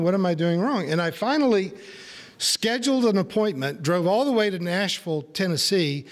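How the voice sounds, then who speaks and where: A male pastor giving a sermon in a conversational, storytelling way, with self-deprecating humor. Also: on the high side.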